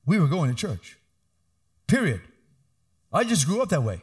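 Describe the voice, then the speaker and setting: Middle-aged male pastor, animated sermon delivery, slightly high voice with lively swings. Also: moderate pace. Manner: animated preaching, rising to emphatic calls.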